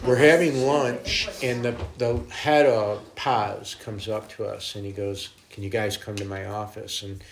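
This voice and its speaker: A man's voice: fairly low pitch, unhurried, vocal fry, hardly any pauses. A middle-aged man, a guest minister, telling stories in a casual interview, acting out quotes and laughing often. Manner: animated storyteller, voices quotes, laughs often.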